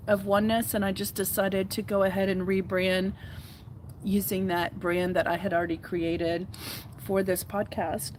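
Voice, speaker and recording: Slow, earnest woman. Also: mid-range voice, slight background noise, poor audio. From Houston, Texas. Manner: earnest, heartfelt, rambling with many fillers. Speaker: podcast host. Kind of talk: casual solo talk to camera.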